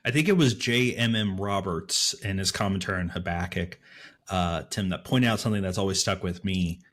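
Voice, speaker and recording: A man's voice: sits low, fairly quick. Man co-hosting a Bible study talk. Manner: thoughtful, animated, with fillers. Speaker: podcast co-host. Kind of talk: casual Bible study discussion.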